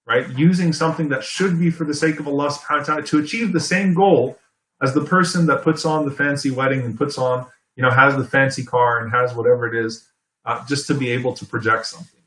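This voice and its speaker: A man giving an Islamic sermon in a conversational, explanatory way, often checking in with "okay?" and "right?" and reciting Arabic verses quickly. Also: medium pitch, fairly bright tone, roomy sound, rough recording. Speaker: Islamic preacher. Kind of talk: sermon lecture.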